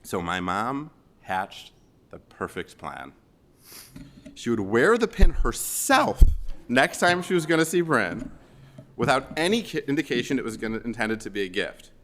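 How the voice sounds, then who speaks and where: A man in his forties from the Chicago area, giving a funeral eulogy for his mother as gently humorous storytelling. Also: mid-range voice, very animated, a little slow. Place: funeral service.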